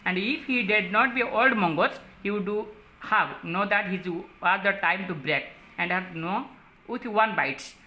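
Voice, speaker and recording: Bright-voiced teacher with an Odia English accent. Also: female voice, medium pitch. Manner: halting, many fillers, lists word meanings. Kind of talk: classroom lesson explaining a story.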